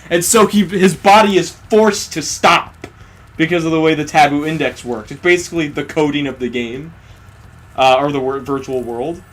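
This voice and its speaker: A man's voice: on the high side, normal speed. A man casually retelling an anime episode while playing a game, cursing freely and acting out what the characters say. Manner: profane, animated retelling, acting out quoted characters. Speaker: let's play co-host. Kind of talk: casual gaming commentary chat.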